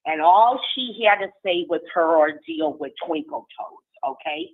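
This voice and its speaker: A woman's voice: medium pitch, sing-song, vocal fry, breathy edge. A woman calling in to a livestream, carefully working through dates and ages step by step. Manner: deliberate, walks through the numbers step by step. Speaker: caller. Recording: tinny phone-line call.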